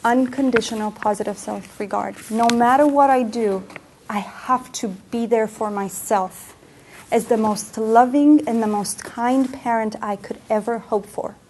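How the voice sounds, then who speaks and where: A woman's voice: fairly high pitch, a little slow, a little mellow, slight background noise. Earnest woman coach giving a talk. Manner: earnest, personal storytelling. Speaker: emotional health coach. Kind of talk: presentation talk. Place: center for women presentation room.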